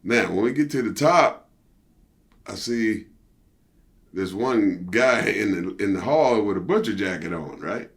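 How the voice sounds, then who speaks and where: Man, low-pitched voice, middle-aged, casual interview, animated storyteller, profane, trailing fillers. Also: unhurried, gravelly, long pauses. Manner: animated storyteller, jumps high for quoted outbursts; loose, profane, trailing "you know, see?". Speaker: interview guest, former pro wrestler.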